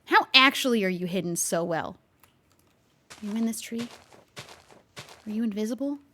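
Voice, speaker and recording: A woman streaming a game, chatting and playing along with an unseen visitor, easily startled and quick to gasp and laugh. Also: medium pitch, lively intonation, bright, forceful tone. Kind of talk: casual gameplay commentary with light role-play.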